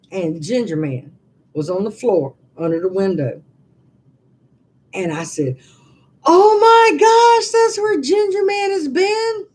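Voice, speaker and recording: A woman's voice: medium pitch, slightly rough. A woman in her sixties chatting casually from her living room, telling rambling stories with many restarts. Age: 60s. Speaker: vlogger. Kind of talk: casual live-stream chat.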